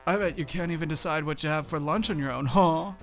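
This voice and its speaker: With a natural, fairly high-pitched voice and a quick pace, a man reads on-screen game text in a let's-play as a brash, boastful teenage bully. He sounds cocky and taunting, with faint music in the background.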